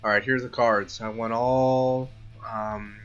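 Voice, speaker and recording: A man's voice: mid-range voice, steady tone, takes it slowly, a bit bright, clear, resonant tone, highs cut off, soft background music. A man casually chatting as he plays a VR boxing game and eats pizza, easygoing and full of fillers. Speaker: gaming vlogger. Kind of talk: casual commentary over VR boxing.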